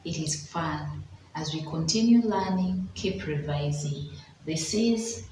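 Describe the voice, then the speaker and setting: A woman preschool teacher with a Ugandan accent gives a phonics lesson for young children. She talks slowly and deliberately, sounding out each letter sound. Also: sits low, darkish tone. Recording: echoey room from a distance, faint noise.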